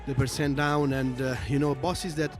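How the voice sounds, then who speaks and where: A man's voice: mid-range voice, level tone, normal speed, music in the background. A man with a strong Italian accent, giving casual livestream commentary and explaining things at length with lots of fillers. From Italy. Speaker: esports co-commentator.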